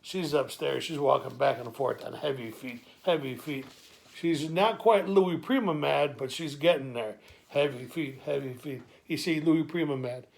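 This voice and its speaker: A man's voice: medium pitch, moderate pace, vocal fry. A man telling an improvised comic story in a streetwise, wisecracking way, sometimes stammering through asides. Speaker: comic monologuist.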